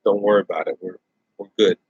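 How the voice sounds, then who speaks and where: A man's voice: on the low side, fairly even intonation, fast talker, slightly rough, no echo. A man ranting bluntly in casual chat, repeating himself and restarting phrases as he talks. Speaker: host. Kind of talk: casual rant to camera. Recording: dull lo-fi dry sound.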